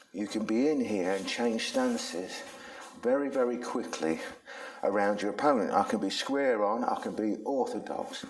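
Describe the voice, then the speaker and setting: A man, teaching self-defense in a chatty, slangy storytelling way while demonstrating on a punching bag. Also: on the low side. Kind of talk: casual instructional talk with demonstration. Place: training room with a punching bag. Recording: echoey room.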